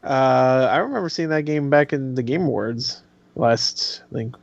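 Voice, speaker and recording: A man's voice: mid-range voice, normal speed, gravelly, no room sound, muffled recording. A man co-hosting a casual chat, laughing often and swearing freely. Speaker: co-host.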